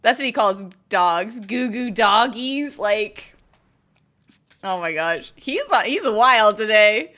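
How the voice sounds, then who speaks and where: A woman streamer chatting casually, telling a story in an excitable, giggly way. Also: medium pitch, takes it slowly. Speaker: game streamer. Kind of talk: casual chat.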